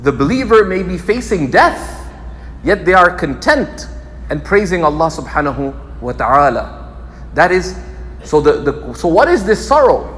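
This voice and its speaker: A man delivers a religious teaching in a fairly high voice that rises and falls a great deal. He repeats key phrases for emphasis. The sound carries a long hall reverb over a faint background hum. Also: big pitch swings, measured pace, a bit bright. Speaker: Islamic scholar teaching. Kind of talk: lecture sermon.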